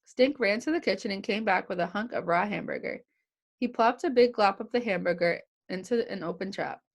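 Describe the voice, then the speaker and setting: A young woman reads a children's chapter book aloud, with a light vocal fry running through her words. She changes her voice for each character as she goes, keeping the kids listening. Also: medium pitch, brisk. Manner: lively, puts on voices for the characters. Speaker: childcare staff reading aloud.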